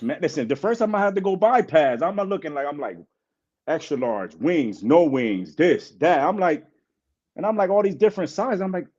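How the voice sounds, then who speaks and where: A man telling a story in casual panel chat, animated and full of repeated words. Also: a little high, moderate pace, dull audio. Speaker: podcast panelist, girl dad.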